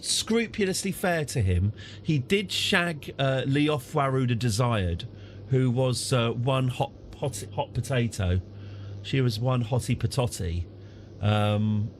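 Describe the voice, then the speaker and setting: A British man streaming a strategy game, chatting through it and getting excited and apologetic in turns. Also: mid-range voice, slight background noise. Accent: British English. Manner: chatty, easily excited, apologetic after outbursts. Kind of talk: live game commentary.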